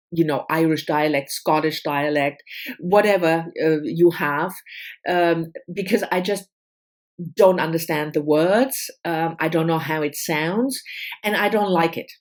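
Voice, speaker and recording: A woman's voice: low voice, a little slow. A middle-aged woman, not a native English speaker, chatting casually about books she read, with frequent fillers and restarts. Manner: thoughtful, with many fillers and restarts. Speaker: book vlogger.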